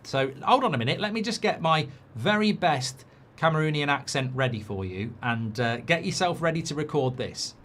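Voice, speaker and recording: A man's voice: a little high, expressive, normal speed, hardly any pauses, fairly bright tone, slight background noise. A man hosting a live football watchalong, chatting casually and reading out viewer comments.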